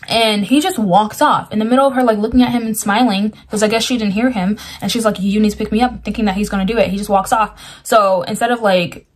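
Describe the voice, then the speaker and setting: Woman vlogger, mid-pitch, rambly dream story, earnest, lots of fillers. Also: steady tone, quick pace, hardly any pauses. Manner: earnest, interprets with scripture. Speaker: Christian dream sharer. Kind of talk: casual dream retelling.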